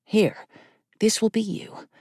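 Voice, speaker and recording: A woman voicing a warm, grieving middle-aged landlady with a thick Irish accent and a lilting, gentle manner. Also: slow pace, no room sound, clean studio sound, natural voice. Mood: welcoming.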